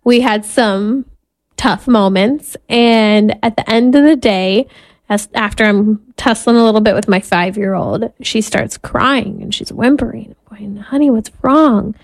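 In an unhurried, mid-range voice, a woman in her thirties tells a frank personal story. She's a Catholic mother who hosts a podcast, speaking earnestly and occasionally laughing at her own expense.

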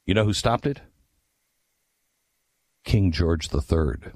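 An emphatic man tells history with a lively pitch and a slow pace, with no room sound. He asks rhetorical questions and swings between low, hushed asides and raised, urgent lines in his impassioned storytelling.

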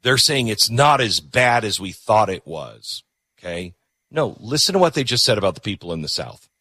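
A man hosting a show and commenting between clips in an animated way. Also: lowish voice, normal speed, dry recording. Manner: animated, talks over clips. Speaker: host.

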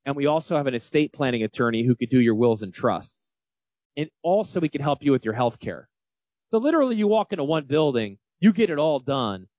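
A man in his forties with a Northern US accent, hosting a casual financial talk radio show in an animated, emphatic and folksy way. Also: mid-range voice, a little fast, dry recording. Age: 40s. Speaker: financial advisor radio host.

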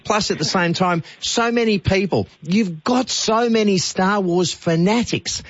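A man's voice: high-pitched, lively intonation, moderate pace, hardly any pauses, no room sound, lo-fi sound. A man hosting a radio interview, chummy and enthusiastic. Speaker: radio host. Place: radio studio.

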